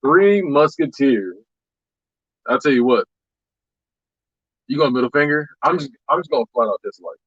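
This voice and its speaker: A man's voice: medium pitch, fairly quick, long pauses, a bit bright, husky, dry recording, lo-fi sound. A man hosting a casual podcast, loose and joking, laughing often. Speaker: podcast host.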